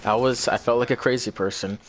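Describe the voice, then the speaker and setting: A man's voice: medium pitch, fairly even intonation, brisk, a little hiss or hum. Young man rambling through a story. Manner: rambling, swears often, repeats himself. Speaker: vlogger. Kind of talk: casual storytelling.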